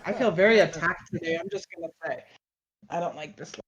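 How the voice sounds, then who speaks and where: A woman's voice: lowish voice, fast, highs cut off, a crowd in the background. A woman in casual chat with friends, playing up being offended. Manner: mock-offended, expressive.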